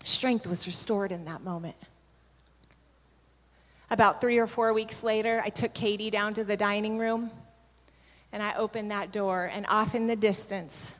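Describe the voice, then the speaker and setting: A woman sharing a spiritual testimony with a gathering, telling her story earnestly and vividly. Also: mid-range voice. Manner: earnest, vivid storytelling that acts out what each person said. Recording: long hall reverb.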